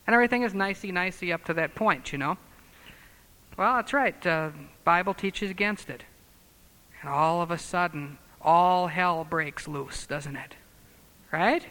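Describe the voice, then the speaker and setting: A man preaching a sermon, emphatic and scornful, dropping from loud declarations to low muttered asides. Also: measured pace, long pauses, in a large hall.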